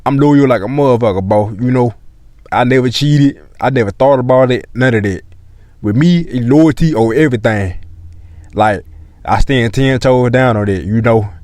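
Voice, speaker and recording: A man's voice: medium pitch, moderate pace, a little mellow, dry recording. A young man telling a storytime vlog in casual, slang-heavy, profane talk that loops back and repeats itself.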